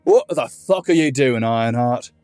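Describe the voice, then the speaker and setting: A man doing a gruff, barking dwarf officer. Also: mid-range voice, lively intonation, a little fast, dry recording, faint music behind, voice pushed up, close to an everyday voice. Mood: impatient. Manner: barking, impatient.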